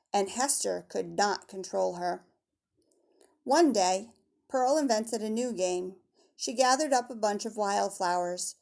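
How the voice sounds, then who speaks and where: Expressive woman teacher reading aloud. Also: mid-range voice. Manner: expressive storytelling with chatty asides. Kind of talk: reading a book aloud for a class.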